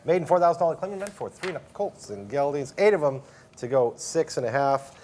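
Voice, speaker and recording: Fast-talking man giving racing picks. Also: a little high, animated, mellow, a little hiss or hum. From Canada. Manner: quick, conversational, fast breakdown of form. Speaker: horse racing handicapper. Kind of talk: casual racing picks chat.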